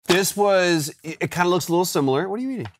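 A man co-hosting a casual gaming chat, teasing his partner and quick to laugh. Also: high voice, no room sound. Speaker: co-host.

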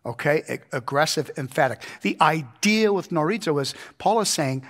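Emphatic high-voiced male Bible teacher. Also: big pitch swings, a little slow, a bit bright. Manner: emphatic, conversational, asks the congregation rhetorical questions. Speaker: pastor. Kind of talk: verse-by-verse Bible teaching sermon. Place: church.

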